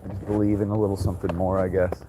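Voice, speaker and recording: A man's voice: sits low, flat delivery, very fast. Frustrated, swearing man ranting outdoors. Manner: frustrated, swearing, rambling with many restarts. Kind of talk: ranting monologue while walking dogs. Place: outdoors on a walk. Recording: noisy outdoor ambience.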